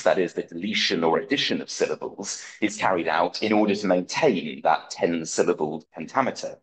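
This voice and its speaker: A man giving a conference talk, reading an academic paper aloud in a measured, precise way with dry wit. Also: low-pitched, rough recording. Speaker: conference speaker.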